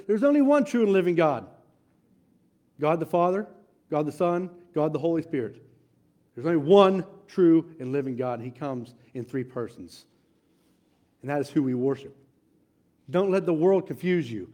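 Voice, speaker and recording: A man delivering an earnest sermon, his voice pitched high but with a mellow, dark tone. He repeats key phrases for emphasis, building louder and then sinking to a near hush. At times he reads scripture aloud, with small fillers and restarts. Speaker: preacher.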